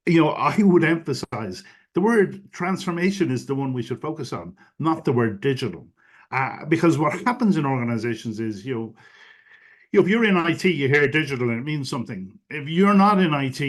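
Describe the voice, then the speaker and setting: Speaking over a video call, a digital strategy expert fields webinar interview questions in an animated, mid-range voice at a fairly quick clip. He lays out his views smoothly while dropping in frequent "you know"s.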